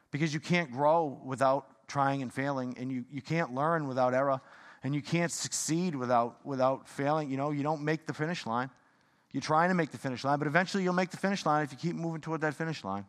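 A man preaching a sermon in a fired-up, rambling way, swinging from loud bursts to hushed talk. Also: fairly high pitch, a little fast. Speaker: pastor. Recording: long hall reverb.

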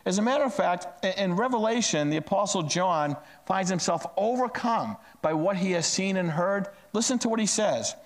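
Male pastor, middle-aged, sermon, slightly high voice, hushed asides, emphatic peaks. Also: expressive, moderate pace, few pauses. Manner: conversational storytelling, swings between hushed asides and emphatic raised phrases.

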